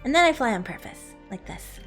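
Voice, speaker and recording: Woman streamer, bright high voice, lively swoops, giggly, faint music underneath. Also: a little fast. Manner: playful, giggly, animated. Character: playful dragon streamer persona. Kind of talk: casual livestream chat with viewers.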